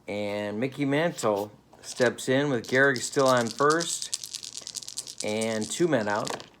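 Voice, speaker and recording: A man's voice: medium pitch, takes it slowly, fairly bright tone, a little hiss or hum. A man calling mock play-by-play for a tabletop baseball game at home, with dry, playful broadcaster patter. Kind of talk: mock radio play-by-play commentary. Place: home living room.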